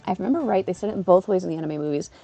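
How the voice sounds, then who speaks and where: A young woman streamer chatting casually to her live-stream viewers, acting out quoted people in an animated way and laughing often. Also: rapid-fire, vocal fry, soft background music. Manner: animated, acts out quotes with big pitch jumps. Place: living in Japan.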